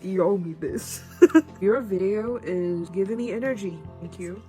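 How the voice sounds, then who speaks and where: A woman's voice: mid-range voice, a little slow, music in the background. Earnest woman. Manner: earnest, soft-spoken, thankful. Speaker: social media creator. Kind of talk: emotional casual talk to camera.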